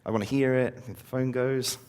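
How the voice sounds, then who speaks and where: This conference speaker has a smooth, darkish voice at medium pitch, holding a steady tone at a fairly quick clip. His live-coding talk is casual and packed with fillers like um and uh, though he brightens up when addressing the crowd.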